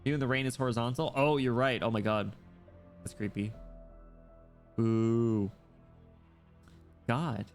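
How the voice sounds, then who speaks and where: A man streaming a game, reacting with crude jokes and quick, laughing commentary. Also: mid-range voice, soft background music. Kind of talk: casual gaming stream commentary.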